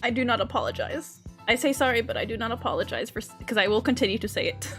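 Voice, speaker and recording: A woman's voice: on the high side, lively intonation, quick pace, a bit bright, soft background music. A young woman chatting casually on a livestream, giggly and talkative, laughing often between her words. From raised in an English-speaking country by a Korean mother.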